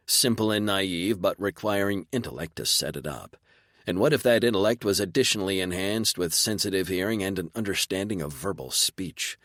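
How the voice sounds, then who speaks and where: A man reads a first-person sci-fi audiobook in a dry, sardonic manner. His voice is very low and deep. The recording is close and dry, with no room sound. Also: a bit bright, no echo. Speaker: audiobook narrator.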